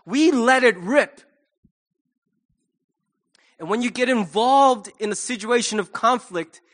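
A male pastor with a high, light voice delivers a sermon in a relaxed, conversational way. He jokes with the congregation and acts out little scenes as he goes. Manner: conversational and humorous, with acted asides. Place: church.

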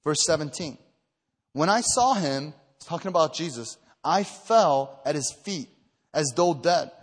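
A man from the Chicago area preaching an evening retreat sermon, earnest and emphatic, telling personal stories with many fillers and restarts, and growing louder and higher when stirred. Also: animated, measured pace, husky. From Chicago area, USA. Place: retreat meeting hall. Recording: echoey hall reverb.

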